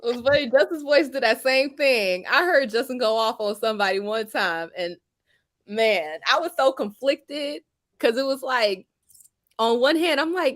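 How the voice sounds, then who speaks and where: A giggly woman with a higher voice that swoops up and down as she chats. She jokes playfully with her co-host, the sound dry and close. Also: expressive, unhurried, fairly bright tone, dry recording. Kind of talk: casual podcast chat.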